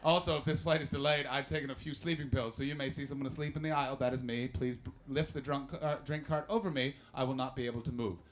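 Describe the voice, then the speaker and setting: Male comedian from Canada, live stand-up: rambling, animated storytelling with crowd work. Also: medium pitch, quick pace, few pauses, slight background noise. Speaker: stand-up comedian and podcast host.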